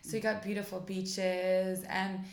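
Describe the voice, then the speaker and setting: An American woman in her forties talks in a chatty, upbeat way, full of "like" and "you know". Her mid-pitched voice has a gravelly, creaky texture. The sound is echoey, as if from a reverberant room. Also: flat delivery, a little slow. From United States. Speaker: interview guest, rabbi's wife. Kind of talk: casual conversational interview.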